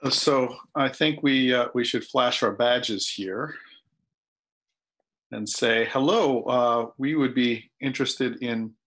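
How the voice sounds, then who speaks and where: A man's voice: medium pitch, takes it slowly, a bit bright. A man playing a tabletop game, speaking hesitantly and politely in character. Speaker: player.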